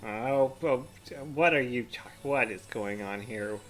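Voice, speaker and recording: A man's voice: medium pitch, slow pace, a bit bright, faint music behind. A man eating chili as he scrolls his feed, rambling, giggling and trailing off mid-sentence. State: eyes watering from spicy food. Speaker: vlogger. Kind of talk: casual commentary while eating.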